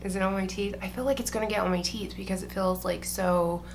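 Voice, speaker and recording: This young woman's mid-range, gravelly voice stays steady as she talks fast over a noisy background. A beauty vlogger doing her makeup, she chats loosely, swears freely, and says "like" constantly.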